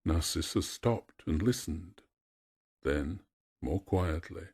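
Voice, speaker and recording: A man narrating a myth in a measured, expressive storytelling voice. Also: low voice.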